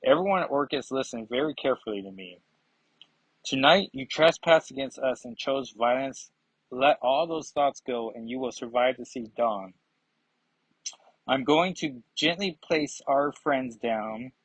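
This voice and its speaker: A man reading as a calm commanding woman telepath. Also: mid-range voice, measured pace, breathy edge, no room sound, poor audio.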